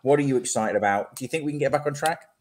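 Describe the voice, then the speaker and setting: A man hosting a casual sports podcast. He keeps the talk moving with lively energy, his pitch in the middle range. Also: very fast. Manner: energetic, runs the discussion. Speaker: podcast host.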